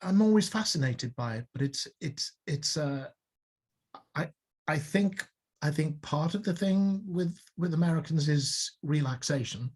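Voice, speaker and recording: Older man, liverpool accent, husky voice, rambling playful talk, casual co-host. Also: fairly high pitch, lively intonation, measured pace. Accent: Liverpool English. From Liverpool, England. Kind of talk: casual chat.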